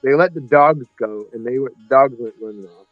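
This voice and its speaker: Over music, a man speaks at normal speed in a mid-range voice, casually recounting something from his life for a podcast. He wanders off track, fixes his own wording, and performs the voices of people he describes, in dry, somewhat muffled sound.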